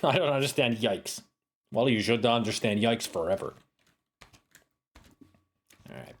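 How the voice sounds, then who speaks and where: A man's voice: mid-range voice, lively intonation, a little slow. A man streaming a retro adventure game, casually reading the game text aloud with playful, sing-song emphasis.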